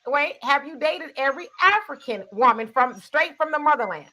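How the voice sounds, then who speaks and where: A woman's voice: high voice, expressive, brisk, sharp tone. A woman hosting a casual online group chat, blunt and challenging, often cutting in to push back. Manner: blunt, challenging, talks over others. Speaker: host.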